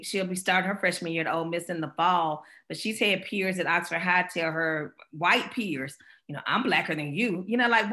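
A middle-aged woman speaker from Mississippi, answering questions after a talk and telling stories with quick laughs. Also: mid-range voice. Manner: animated storyteller, quick laughs. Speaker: guest speaker.

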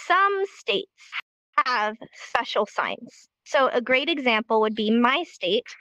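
Bright, upbeat woman teaching live. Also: fairly high pitch, dry recording, lo-fi sound. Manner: upbeat, encouraging. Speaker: sign language teacher. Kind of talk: live online lesson.

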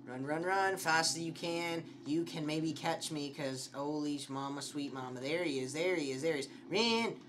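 A man's voice: on the high side, fairly even intonation, normal speed, few pauses, a bit bright, a little hiss or hum. A young man giving commentary on a horror game, swearing often and shrieking when scared. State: slightly sick. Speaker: gameplay streamer.

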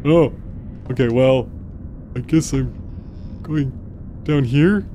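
A man playing a horror video game and commenting as he goes, yelping and laughing at the scares and muttering quietly in between. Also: takes it slowly, slight background noise. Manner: jumpy, yelps and laughs at scares, then mutters low. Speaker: gaming video host. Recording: faint game music behind.

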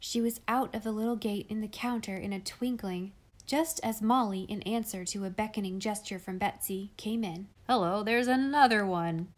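A woman reading a classic children's novel aloud in clear, measured storytelling. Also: mid-range voice, fairly even intonation, a little mellow. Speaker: audiobook reader.

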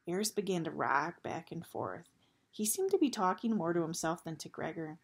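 A woman reading a novel aloud in a steady storytelling manner. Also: lowish voice, moderate pace, creaky, slightly rough. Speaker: audiobook reader.

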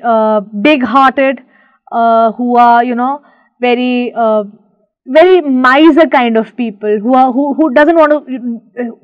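A woman teacher from India reading a story aloud and stopping to explain each word, restating things slowly with fillers, on a dull, lo-fi recording. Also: a little high, clean tone, no echo.

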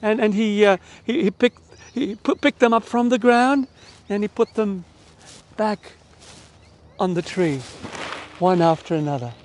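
Man, Australian accent, middle-aged, high voice, animated children's storyteller, online church service. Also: a little slow, pauses often, slight background noise. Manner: lively, animated storytelling, warm direct address.

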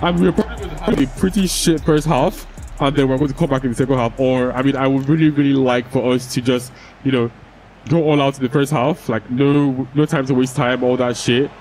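A man's voice: mid-range voice, fairly even intonation, fairly quick, darkish tone, soft background music, poor audio. A young man giving casual, expletive-laden commentary over a football video game and ranting when the game frustrates him. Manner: swears freely, frustrated rants at the game. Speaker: gaming YouTuber.

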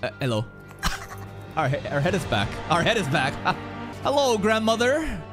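A man reacting to an anime episode in casual, excitable commentary, thinking out loud and swearing often. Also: on the high side, normal speed, over music.

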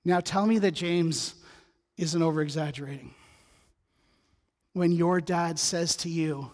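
A middle-aged male pastor delivers a sermon in a high voice, breaking into joking asides and a personal story. His words ring out with a long reverb from the church sanctuary. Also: fairly even intonation, measured pace, pauses often, darkish tone. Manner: conversational, humorous asides, storytelling.

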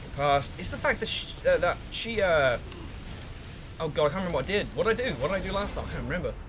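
Excitable swearing gamer with lively pitch. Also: male voice, fast talker, a little hiss or hum. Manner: excitable, swears freely, hums while thinking, talks to game characters. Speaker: let's play gamer. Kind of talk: live gameplay commentary.

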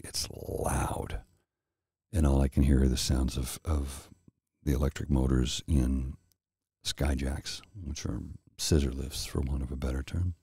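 Very deep, gravelly-voiced man in soft ASMR chat. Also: no room sound, clean studio sound. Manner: slow, rambling storytelling with restarts. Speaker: host.

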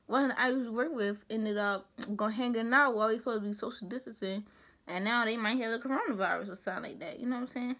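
Animated young woman, higher voice. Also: fast talker. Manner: animated, emphatic, rhetorical asides. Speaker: vlogger. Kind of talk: casual commentary chat.

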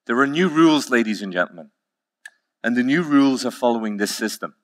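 A man giving a conference keynote, telling stories with emphatic, slowly repeated phrases. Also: mid-range voice, expressive. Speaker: keynote speaker.

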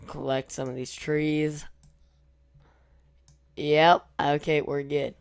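A young man giving casual, excitable commentary over his own gameplay, hoarse from losing his voice, trailing off into mumbles and then breaking into loud cheers. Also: on the high side, slow, long pauses. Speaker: gaming YouTuber.

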